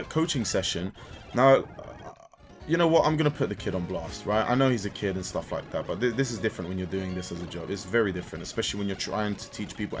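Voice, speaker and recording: A young man in casual gaming commentary, an animated storyteller who swears and keeps tagging "right?" as he vents about coaching. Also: lowish voice. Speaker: gaming YouTuber and kids' sports coach. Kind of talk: casual ranting commentary over gameplay.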